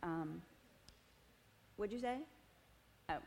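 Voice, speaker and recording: Lively woman giving a testimony. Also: on the low side, drawn-out words, vocal fry. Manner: animated storytelling with laughs and "y'all". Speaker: women's ministry speaker. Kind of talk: personal testimony talk to a group. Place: meeting room with tables.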